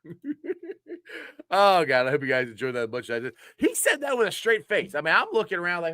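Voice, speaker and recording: Lively, laughing male sports show host. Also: high voice, fast, dry recording, clean studio sound. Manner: laughs a lot, loose and excitable, swears casually. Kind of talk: casual sports show chat.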